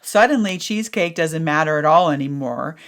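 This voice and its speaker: Lively woman podcast host, lowish voice. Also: brisk. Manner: animated, acts out her own thoughts in a raised voice, swears casually. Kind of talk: personal storytelling monologue.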